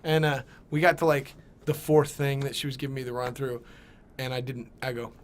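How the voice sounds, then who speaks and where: A young man telling a comedic story on a podcast, animated and profane, acting out voices. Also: medium pitch, a little fast. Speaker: podcast guest.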